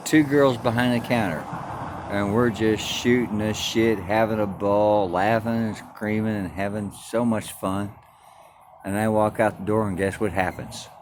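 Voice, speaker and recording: A man's voice: lowish voice, a little hiss or hum. A man telling a story in a crude, defiant, boastful rant, swearing constantly. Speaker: vlogger.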